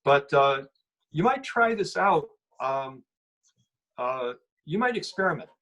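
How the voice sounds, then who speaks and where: A man leading a mindfulness group, gently talking through meditating with anxiety, often restarting his sentences. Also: fairly high pitch, very animated, poor audio. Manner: gentle, halting, with many restarts and fillers. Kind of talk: guided meditation teaching.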